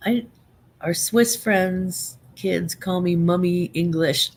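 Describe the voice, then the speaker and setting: A woman in her fifties hosts a live stream, chatting casually in a rambling way, using lots of fillers and restarts and laughing often between remarks. Her voice is fairly low, and she speaks slowly.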